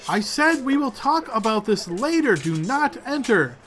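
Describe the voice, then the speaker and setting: A man voicing a weary noblewoman who is quick to anger and halts with fillers when flustered. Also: low voice, lively intonation, darkish tone. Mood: angry. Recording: noisy home recording.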